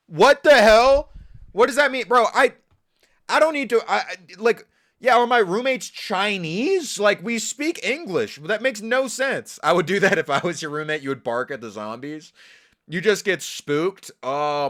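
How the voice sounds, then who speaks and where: A man's voice: high voice, sharp tone. A man live-streaming, reacting in a casual, profane, incredulous and mocking way. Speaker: livestreamer.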